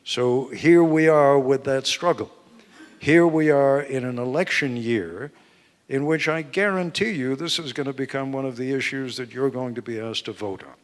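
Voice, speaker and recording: A man, an author being interviewed at a live book event, explaining points in a measured, emphatic way. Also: mid-range voice. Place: event hall with live audience. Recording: long hall reverb.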